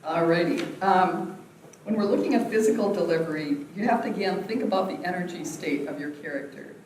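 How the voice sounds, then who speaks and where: A woman's voice: on the low side, brisk, darkish tone, recorded from a distance, a little hiss or hum. Woman leading an acting workshop, echoey room. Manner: demonstrative, laughs often, acts out vocal exercises. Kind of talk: teaching a voice workshop. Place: large echoey theatre room.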